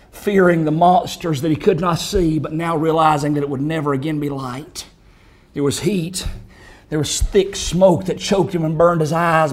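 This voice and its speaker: A preacher telling a dramatic sermon story with intense, rising and falling delivery. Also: male voice, a little high, a little mellow, poor audio.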